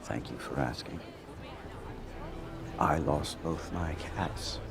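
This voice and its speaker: A man's voice: very deep voice, slow pace, vocal fry, exaggerated voice. An actor playing a smug rival male surgeon at a wedding, with a dry, understated delivery, heard in a film clip. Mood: wry. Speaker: film character. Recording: film audio with crowd noise.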